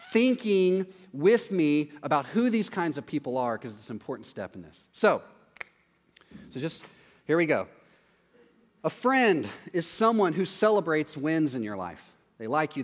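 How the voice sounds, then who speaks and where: A male preacher gives a relaxed, talky sermon, his voice sitting a little high for a man. He keeps it animated and casual. A long hall reverb trails each phrase, as if heard in a big sanctuary. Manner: chatty, animated, tags lines with "right?".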